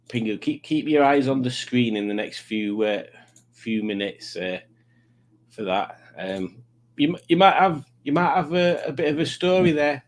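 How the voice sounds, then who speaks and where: Brief: male stream host, medium pitch, jokey and rambling, casual live chat. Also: lively intonation, a little slow. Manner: rambling, self-mocking, jokey.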